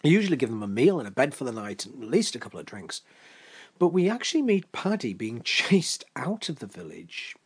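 Guy spinning a folk tale, lots of pitch swoops, chatty and playful. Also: slightly rough. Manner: chatty, playful asides to listeners. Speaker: storyteller. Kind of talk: oral folk-tale telling.

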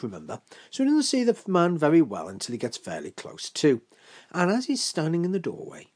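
Guy spinning a folk tale, lots of pitch swoops, chatty and playful. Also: darkish tone, slightly rough. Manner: chatty, playful asides to listeners. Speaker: storyteller. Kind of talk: oral folk-tale telling.

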